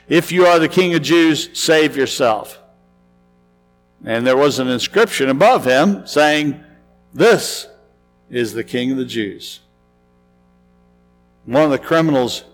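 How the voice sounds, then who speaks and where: A man preaches in a church sanctuary, his fairly high voice trailing off into a long reverb. He reads scripture earnestly, easing down and going quiet on the solemn lines. Soft instrumental music plays faintly behind him. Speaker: pastor. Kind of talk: sermon with scripture reading.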